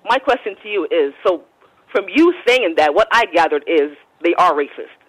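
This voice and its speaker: A woman's voice: fairly low pitch, animated, normal speed, no echo, low-quality recording. A woman calling in to a radio show, pressing the guest with probing, skeptical questions. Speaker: caller.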